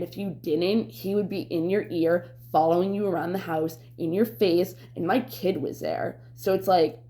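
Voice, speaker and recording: A woman's voice: fairly low pitch, dark tone. A young woman vlogger telling a personal story candidly, rambling and swearing, with lots of fillers. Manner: rambling, profane, full of fillers.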